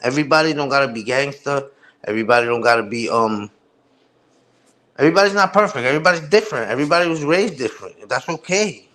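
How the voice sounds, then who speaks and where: A man's voice: mid-range voice, animated, fast, sharp tone. A man hosting a live stream, ranting heatedly with profane street slang. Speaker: livestream host. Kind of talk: casual livestream rant.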